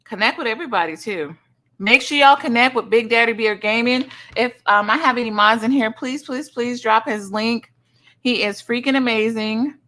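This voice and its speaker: A middle-aged woman hosting a livestream in casual chat, effusively greeting each viewer with loud, high greetings and calling people honey and sugar. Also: normal speed. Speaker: livestream host. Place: son's home streaming setup.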